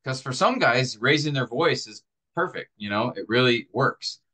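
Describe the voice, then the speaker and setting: A man's voice: mid-range voice, expressive, normal speed, bright, forceful tone, slightly rough. A middle-aged man teaching a class on preaching, talking in a thoughtful, conversational way. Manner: thoughtful, conversational, demonstrates delivery with acted examples. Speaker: preaching instructor.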